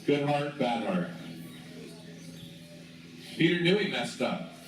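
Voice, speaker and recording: Slow-talking man preaching in an echoey chapel. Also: fairly high pitch, very animated, recorded from a distance. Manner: casual, conversational, prompts the audience to join in. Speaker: school chapel speaker. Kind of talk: storytelling sermon to students. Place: school chapel. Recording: very echoey chapel from afar, noisy.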